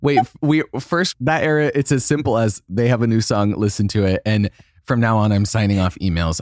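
A man's voice: lowish voice, fairly quick, a little mellow, no room sound, clean studio sound. A young man co-hosting a podcast in casual, campy comedic chat, slipping into playful put-on quotes. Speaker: podcast co-host.

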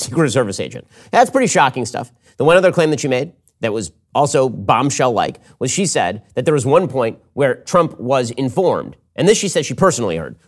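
Male host, quick-talking, argumentative commentary, lively voice. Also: mid-range voice. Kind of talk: fast talk-show commentary with a read ad.

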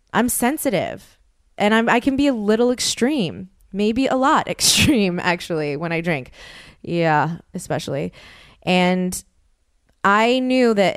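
A woman's voice: mid-range voice, clean tone, no echo. Emotional woman podcaster, candid and dry. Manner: emotional, self-deprecating, many restarts. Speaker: podcast host. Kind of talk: candid personal monologue.

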